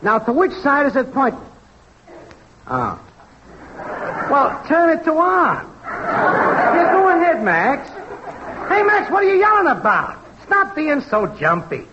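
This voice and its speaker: An actor playing a pushy, slangy male network technician in a 1940s radio comedy sketch, loud and wisecracking, with sing-song test calls. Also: very high-pitched, huge pitch swings, measured pace, heavily acted. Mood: phone banter. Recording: dull noisy 1940s radio broadcast.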